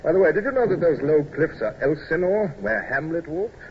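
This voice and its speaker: A man playing a calm naval commodore in an old radio drama, speaking in a dry, measured, officerly way. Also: on the high side, highs cut off. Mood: wry. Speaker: commodore and first-person narrator. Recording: old radio recording with hiss.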